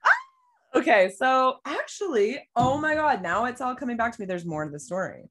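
A woman's voice: a little high, normal speed. Bubbly young woman podcast co-host. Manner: bubbly, giggly, animated storytelling. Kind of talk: casual chat. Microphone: remote call mic.

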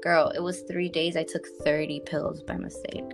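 A young woman casually telling a personal story to a friend on a podcast, animated and full of fillers, calling her listener "girl". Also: sits low, moderate pace, music in the background.

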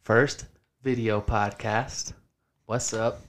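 A man's voice: on the low side, fairly even intonation, slow pace. A young man hosting a casual podcast from his home studio, swearing a lot and saying "dude" constantly as he rambles. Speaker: podcast host.

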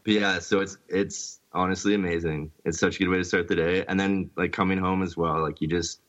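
A man's voice: deep voice, little pitch movement, a little fast, fairly bright tone. A man with a Canadian accent chatting casually, rambling and filling his speech with "like". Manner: rambling, heavy use of "like". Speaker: podcast guest. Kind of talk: casual chat. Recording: dull lo-fi sound.

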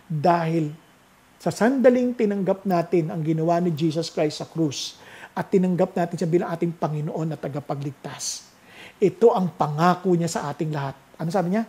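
Filipino preacher, swinging loud to hushed. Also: medium pitch. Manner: swings from loud exclamations to hushed, slow scripture reading. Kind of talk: sermon mixing Tagalog and English.

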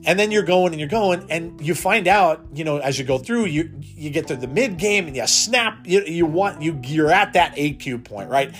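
A man's voice: a little high, lively intonation, normal speed, hardly any pauses, fairly bright tone, soft background music. A man hosting a solo podcast, talking off the cuff and rambling, with frequent restarts and repeated words. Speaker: podcast host. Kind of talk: unscripted solo podcast talk.

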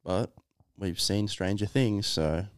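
An easygoing man co-hosting a sports podcast, often trailing off mid-thought. His voice is on the low side. The recording is dry and close. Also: slow pace, no room sound. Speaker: podcast co-host. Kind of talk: casual sports chat.

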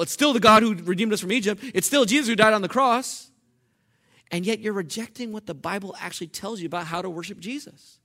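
A man preaching a sermon in church, animated and conversational, asking the congregation questions. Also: fairly high pitch. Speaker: pastor.

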